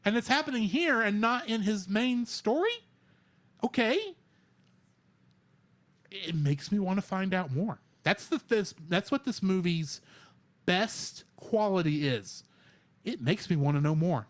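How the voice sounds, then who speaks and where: Male podcast co-host, high voice, very lively intonation, rambling casual chat. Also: a little slow, long pauses. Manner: animated, rambling with restarts.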